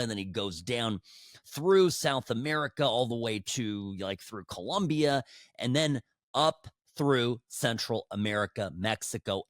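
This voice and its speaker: Man, podcast host, political commentary, sarcastic, lively pitch, dry close mic. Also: no echo. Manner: animated, sarcastic, frequent restarts. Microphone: studio microphone.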